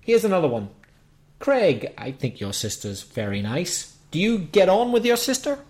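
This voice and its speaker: A man's voice: high-pitched, wildly swooping pitch, moderate pace, darkish tone. Patient man explaining English phrases. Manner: patient, explains meanings step by step. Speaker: co-host teaching English. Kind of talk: podcast lesson chat.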